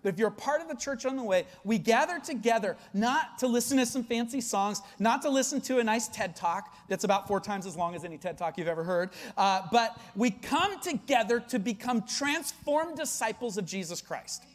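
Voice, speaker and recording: A pastor preaching a conversational sermon, with many fillers, who swings between loud emphasis and hushed, quiet lines. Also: mid-range voice, expressive, normal speed, hardly any pauses.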